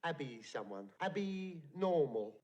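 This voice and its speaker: An actor playing an impish, cheeky male servant in a film, who talks quickly and teases. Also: fairly high pitch, big pitch swings, highs cut off. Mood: sheepish. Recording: echoey film audio with loud noise.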